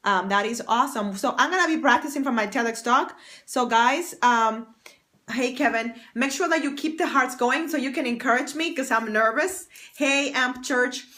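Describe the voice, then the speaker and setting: A woman with a high, pushed and bright voice talks at normal speed on a casual livestream, using an external mic on her phone. She's a bubbly, chatty fashion stylist and confidence coach who thanks her viewers by name.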